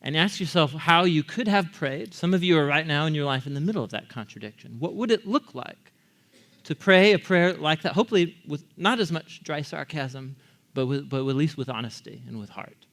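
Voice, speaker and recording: A man's voice: a little high, animated, brisk, a bit bright. A man preaching a sermon as pastor, talking to the congregation in a conversational way and asking them questions. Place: church.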